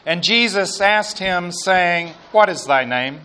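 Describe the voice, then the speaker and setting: A man preaching a sermon and reading scripture aloud, slow and emphatic, with quiet asides. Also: sits high, lively intonation, clear, resonant tone.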